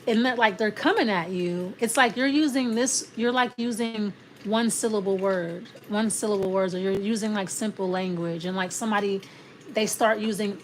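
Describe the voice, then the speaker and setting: A woman's voice: medium pitch, fairly even intonation, normal speed, slight background noise. A woman giving a casual, rambling tarot reading, often restarting her sentences and acting out imagined back-and-forth exchanges. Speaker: tarot reader.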